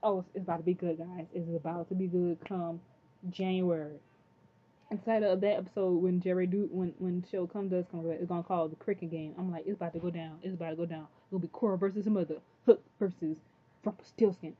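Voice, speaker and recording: A woman's voice: on the low side, fast talker. Chatty woman on tinny audio. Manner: chatty, excitable, says "freaking" often. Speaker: TV episode reviewer. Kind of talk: casual recap chat.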